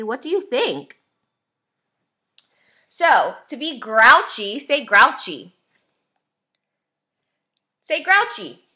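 A woman teacher reading a picture book aloud to young children, asking them questions as she goes. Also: high voice. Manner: slow, expressive, asks children questions.

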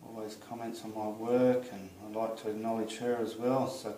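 A man with an Australian accent, casually greeting friends in a friendly, unhurried way while he paints. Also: fairly low pitch, little pitch movement, dark tone, slight background noise. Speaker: artist vlogger. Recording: roomy echo, distant mic.

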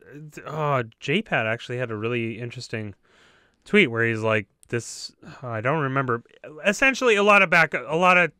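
A young adult man co-hosting a podcast, talking in a joking, animated, teasing way. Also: mid-range voice, normal speed, clear, resonant tone, no room sound, studio quality. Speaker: podcast co-host. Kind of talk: casual chat.

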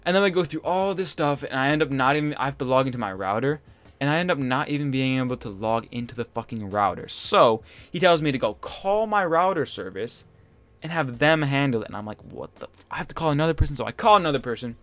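A man's voice: mid-range voice, lively intonation, fast, fairly bright tone, dry recording. A young man hosting a gaming channel, telling a rambling, exasperated story over gameplay and swearing often.

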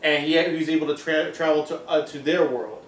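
A man's voice: fairly high pitch, fairly even intonation, a little fast, slight background noise. A man co-hosting a reaction show, chatting in a laid-back, agreeable way and often saying "pretty much.". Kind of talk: casual recap chat. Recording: echoey room, mic at a distance.

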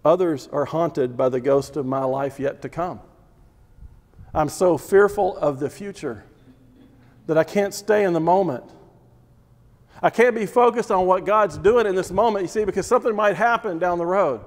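A male Bible teacher preaching with emphatic, repetitive phrasing and pointed rhetorical questions. His voice sits slightly high for a man. The sound rings out with the long reverb of a big hall. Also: moderate pace. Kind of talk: sermon.

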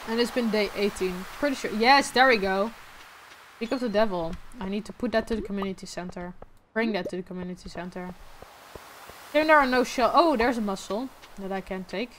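A woman's voice: mid-range voice, slight background noise. A young woman streaming a game, keeping up a casual running commentary and often correcting herself. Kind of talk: casual gameplay chat.

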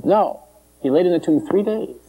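A man preaching an informal sermon, animated and joking, jumping into high mocking voices and chuckling between points. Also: moderate pace, breathy edge, lo-fi sound.

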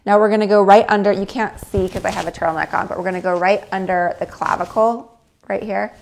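A woman's voice: medium pitch, steady tone, fast talker, gravelly, a little mellow, a little hiss or hum. A woman hosting a casual livestream, coaching viewers step by step and acting out their inner voices. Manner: coaching, demonstrates tapping, acts out inner voices. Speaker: livestream host.

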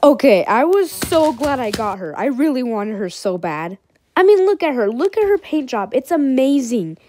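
A woman's voice: high voice, very animated, normal speed, darkish tone, a little hiss or hum. A woman hosting a casual toy unboxing vlog, chatty and bubbly, laughing at herself now and then. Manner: bubbly and chatty, giggly asides. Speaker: toy reviewer.

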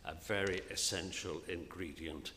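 A man with a lowish voice delivers an earnest sermon, sometimes sinking to a near whisper. The sound rings out with the long reverb of a church, and a faint hum of ambience sits behind him. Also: fairly even intonation, moderate pace. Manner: earnest preaching, often soft and hushed on key phrases. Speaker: minister preaching.

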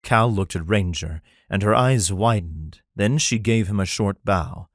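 A man narrating a fantasy romance audiobook in an even, plain storytelling manner. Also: on the low side, unhurried, no echo, studio quality. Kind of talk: scripted narration.

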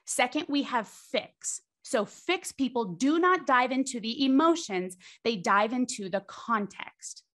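Animated woman with a higher voice. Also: a little slow, few pauses. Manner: animated, ends points with "right?"; acts out quoted voices. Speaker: podcast guest, charisma coach. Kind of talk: explanatory interview talk.

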